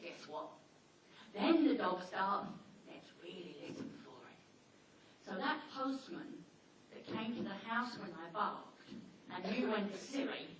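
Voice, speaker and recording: Animated woman teaching in an echoey hall. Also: high-pitched, distant mic, slight background noise. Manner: lively, animated storytelling. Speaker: dog trainer. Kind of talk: seminar talk.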